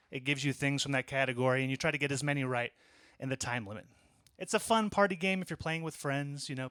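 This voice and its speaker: Guy in his 30s doing stand-up at a small club, bright voice, dry close mic, chatty storytelling. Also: fairly high pitch, clean tone, dry recording. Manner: conversational storytelling, deadpan asides. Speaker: stand-up comedian. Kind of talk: stand-up set.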